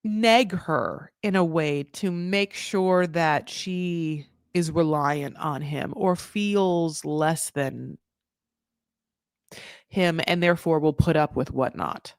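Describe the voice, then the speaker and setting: Woman, gossipy reality recap talk, animated swings in pitch and volume, dry close sound. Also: slow pace, smooth, no echo. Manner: animated, gossipy, with sudden jumps in pitch and loudness; says "honey" and "like" often. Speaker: podcast host recapping a reality show. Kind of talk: casual commentary.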